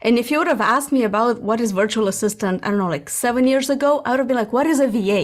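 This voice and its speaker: Talkative woman from moldova on a podcast, kinda high voice, really enthusiastic. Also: fast talker. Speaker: guest, business founder. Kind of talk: casual podcast interview.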